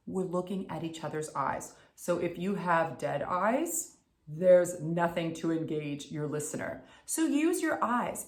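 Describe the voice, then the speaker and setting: A woman voice coach giving an upbeat tutorial, enunciating crisply. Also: lowish voice, reverberant. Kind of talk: instructional tutorial.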